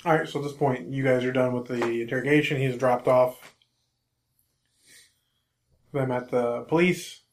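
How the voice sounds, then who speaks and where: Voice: medium pitch, steady tone, normal speed, pauses often. A player at a tabletop role-playing game, chatting casually, joking and swearing freely.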